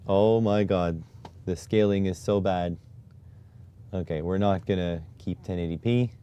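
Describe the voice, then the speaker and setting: This man's voice sits low, warm and smooth, with a steady tone and an unhurried pace. He's live-streaming, muttering as he fiddles with display settings and getting exasperated, sighing "oh my God" again and again in casual stream talk.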